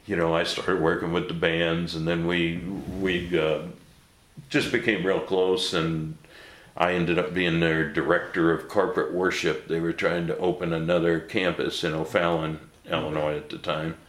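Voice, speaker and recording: A man with a very low, deep voice tells his story in an easygoing, blunt way, swearing a little and breaking into laughter now and then. His voice rings slightly in an echoey room. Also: little pitch movement, moderate pace, fairly bright tone. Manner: laughs often while telling stories. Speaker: interview guest. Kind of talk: casual storytelling.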